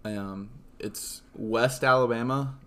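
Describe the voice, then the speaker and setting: A man's voice: mid-range voice, steady tone, slow, fairly bright tone. A man hosting a casual podcast, upbeat and introducing his guests with plenty of ums. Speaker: podcast host.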